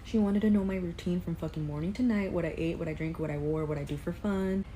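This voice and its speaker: A woman's voice: on the low side, fast, a little hiss or hum. A young woman telling a story in a casual vlog, blunt and profane, acting out quotes as she goes. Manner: blunt, profane, animated retelling with quoted asides. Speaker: vlogger.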